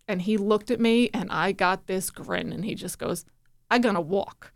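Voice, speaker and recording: Middle-aged woman guest from New Jersey, lively storyteller who slips into the voices of the people she quotes, mid-pitched. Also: normal speed. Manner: animated, acts out quoted voices. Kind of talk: conversational storytelling.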